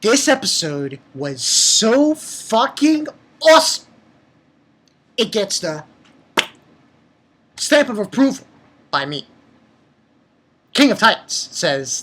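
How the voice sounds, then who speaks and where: A woman giving an excited anime episode review, talking in an animated way with exclamations and swearing. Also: medium pitch, takes it slowly, long pauses, a little hiss or hum.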